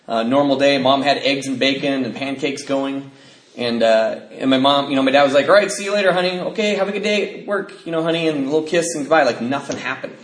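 A man's voice: medium pitch, roomy sound, poor audio. A man sharing a personal testimony, telling the story of his life candidly, with fillers and nervous laughs.

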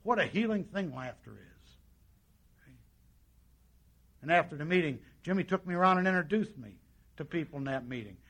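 A man's voice: a little high, lively intonation, moderate pace, long pauses, a bit bright. A man sharing his personal recovery story at a meeting, in a folksy storytelling way with lots of quoted dialogue. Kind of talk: personal testimony to an audience.

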